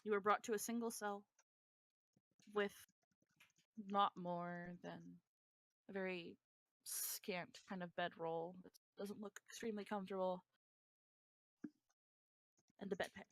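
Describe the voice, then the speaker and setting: Woman, game master, calm descriptive narration, dry close sound, mid pitch. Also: a little slow, pauses often, no room sound, rough recording.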